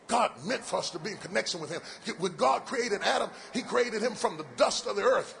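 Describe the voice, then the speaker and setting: A middle-aged man preaching a sermon at a large event on a stage microphone, with a rhythmic delivery that builds to shouted, sing-song cadences and drops into playful folksy asides. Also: sits high, expressive, brisk, gravelly, hardly any pauses, a little hiss or hum.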